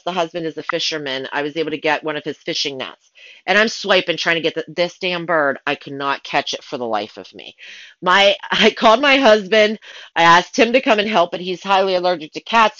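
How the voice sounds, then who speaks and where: A woman telling stories from her work as a pet sitter in a casual, animated way, acting out her own panicked thoughts. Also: fairly low pitch, no echo, lo-fi sound. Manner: animated, dramatic retelling with excited asides. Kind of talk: casual storytelling.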